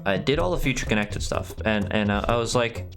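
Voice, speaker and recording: A man's voice: lowish voice, a bit bright. Hesitant man chatting over game music. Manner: hesitant, halting, swears casually. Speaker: player. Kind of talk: casual chat over gameplay.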